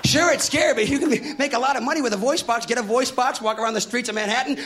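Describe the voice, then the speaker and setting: A man doing a frantic stand-up rant, yelling his punchlines. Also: extremely high pitch, fast talker, hardly any pauses, a faint crowd. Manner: frantic, yelling rants with gravelly edge. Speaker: stand-up comedian. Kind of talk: stand-up comedy set.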